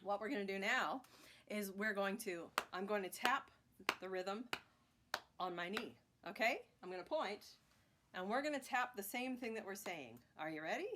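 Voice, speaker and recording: A woman's voice: medium pitch, normal speed, noisy background. A woman teaching a children's music class, chanting rhythm words and cheering on her young learners. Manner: encouraging, sing-song chanting of rhythm words.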